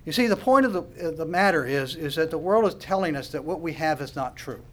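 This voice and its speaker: A man preaching a sermon with passion, dropping to hushed asides and building to loud declarations. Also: a little high, animated, fast talker. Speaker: pastor.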